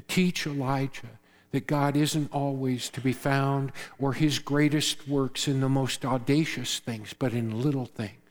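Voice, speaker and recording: A man preaching a sermon as pastor, earnest, rising to loud emphasis and dropping to hushed tones. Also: medium pitch, fairly even intonation, measured pace, long reverb tail. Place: church sanctuary.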